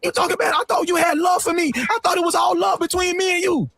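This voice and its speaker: A man voicing a distraught grown man whining on the phone, his own voice pushed up into a high, pleading whine. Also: fast talker, gravelly, a bit bright, dry recording, raised voice, heavily acted.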